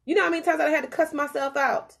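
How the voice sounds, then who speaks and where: A woman podcast host giving an animated, preachy motivational self-help talk with repetitive phrasing. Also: sits high, fast talker, gravelly.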